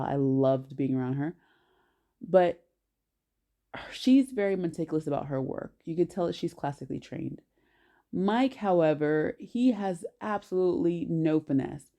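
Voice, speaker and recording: A deep-voiced woman tells a personal story to the camera, animated and emphatic, frequently correcting herself partway through sentences.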